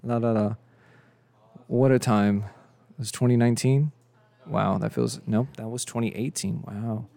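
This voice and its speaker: A man's voice: medium pitch, steady tone, measured pace, vocal fry, pauses often, mellow, dry recording. A young man hosting a casual solo podcast, rambling and joking at his own expense, tired from too little sleep. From of Mexican descent. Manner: rambling, joking, self-deprecating. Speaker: podcast host.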